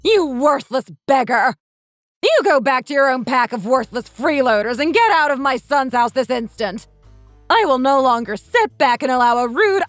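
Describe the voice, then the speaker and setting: A woman's voice: on the high side, dry recording, natural voice. A woman voicing a domineering mother-in-law in her sixties who scolds with contempt in a texting-story drama. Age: 60s.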